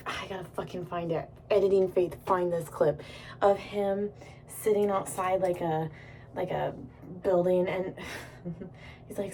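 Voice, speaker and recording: Young female vlogger, gravelly mellow voice, giggly swearing ramble, phone mic a bit off with faint room hum. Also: mid-range voice, distant mic. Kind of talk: casual vlog chat while doing makeup. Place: indoors at home.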